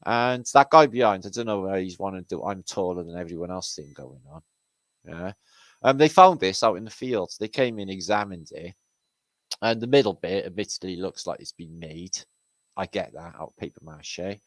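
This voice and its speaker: A man's voice: low-pitched, moderate pace, a bit bright, no echo, rough recording. A man from Britain hosting, giving rambling, sarcastic and profane commentary over pictures. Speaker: host.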